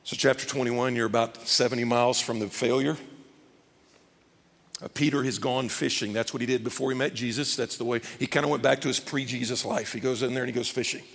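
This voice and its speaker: A man preaching a sermon as pastor, animated, acting out scripture scenes. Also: medium pitch, a little fast, gravelly. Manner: animated, acts out scripture scenes in character voices. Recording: long reverb of a large hall.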